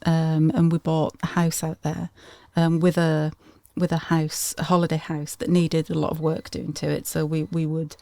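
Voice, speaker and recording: Chatty middle-aged woman, lower voice. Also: flat delivery, moderate pace, creaky, hardly any pauses, mellow, no echo. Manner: chatty, laughing storyteller with frequent restarts. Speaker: podcast guest. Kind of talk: casual interview chat.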